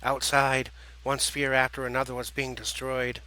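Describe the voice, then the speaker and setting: A man narrating an audiobook in a measured, dramatic reading style. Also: mid-range voice, monotone, pushed and bright, low-quality recording.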